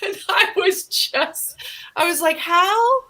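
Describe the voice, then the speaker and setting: A woman comedian, telling stories in an interview with lively laughter. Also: a little high, moderate pace, low-quality recording. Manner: animated, laughing while she tells stories. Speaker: comedian, guest. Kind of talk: interview storytelling.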